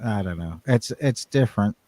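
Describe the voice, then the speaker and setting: A man's voice: lowish voice, expressive, moderate pace, mellow, dry recording. Rambling man, dry close mic. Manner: rambling, restarts often. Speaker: podcast co-host. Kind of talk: casual chat.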